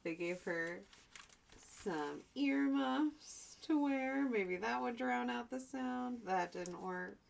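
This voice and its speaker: A woman teacher reads a storybook aloud for young children at an unhurried pace. She stops often for chatty asides and to explain words. Her pitch rises and falls in a lively, expressive way. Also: creaky. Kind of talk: reading a picture book aloud to young children.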